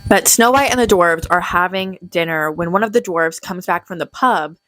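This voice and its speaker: A woman's voice: lowish voice, moderate pace, a bit bright, no echo. A young woman giving a casual, comedic movie recap, snarky and sarcastic with plenty of swearing. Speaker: movie commentary youtuber.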